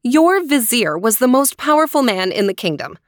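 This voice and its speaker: A woman voicing a spirited, defiant young princess in a high, emphatic storybook voice. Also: big pitch swings, normal speed, dry recording, clean studio sound. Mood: indignant.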